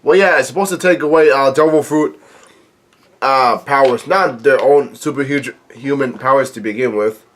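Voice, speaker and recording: A man with a stuffy nose talks his way through a comic chapter, reading each panel's lines aloud. He stumbles and restarts often and breaks in with blunt, offhand comments. His pitch sits in an ordinary middle range for a man. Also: moderate pace, a bit bright. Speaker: manga reaction video host. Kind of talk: casual read-along commentary.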